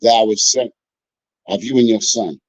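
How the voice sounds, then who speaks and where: Animated man hosting a sports talk show. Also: fairly low pitch, moderate pace, no echo. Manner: animated, addresses listeners as folks. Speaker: podcast host. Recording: dull lo-fi sound.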